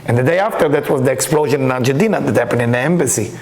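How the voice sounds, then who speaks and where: A man teaching a Kabbalah class, reading Hebrew texts aloud and explaining them with lively stories. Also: medium pitch, racing, slight background noise. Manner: animated, reads Hebrew text aloud and explains it. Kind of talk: lecture with storytelling. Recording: echoey room.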